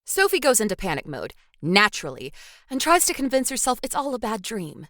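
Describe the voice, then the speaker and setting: A woman's voice: on the high side, wildly swooping pitch, fairly quick, fairly bright tone, no echo. A woman co-hosting a podcast, reading a film recap with dry little asides. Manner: scripted recap broken by dry quips. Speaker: podcast co-host.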